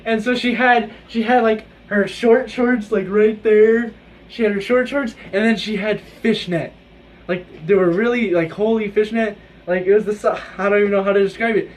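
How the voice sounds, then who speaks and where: A man's voice: high-pitched, fairly even intonation, normal speed. A teenage boy vlogging to camera about his school day, rambling with lots of "like" and laughing through his stories. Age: teens. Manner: rambling, many "like"s, laughs while telling stories. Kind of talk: casual chat to camera. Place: indoors with his own video light.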